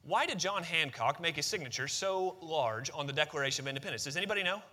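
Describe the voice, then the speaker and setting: Fast-talking and animated, with a fairly high, pushed, bright voice, a pastor addresses his congregation in the sanctuary through a microphone. After reading scripture, leaving him out of breath, he shifts into conversational talk and puts questions to the room.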